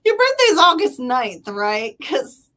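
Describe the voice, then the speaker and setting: A woman's voice: sits high, big pitch swings, slow, sharp tone. A woman in her forties hosting a casual livestream, chatty and laughing as she reads out personality traits. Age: 40s. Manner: chatty, laughing, spells out hard words. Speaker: livestream host reading birthday personality traits. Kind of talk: casual live chat.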